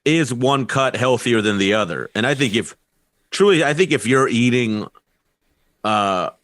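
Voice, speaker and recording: A man's voice: medium pitch, expressive, measured pace, a bit bright, dry recording. A man co-hosting a comedy podcast, rambling with restarts, laughing and swearing as he talks. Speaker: podcast co-host. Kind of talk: casual comedic chat.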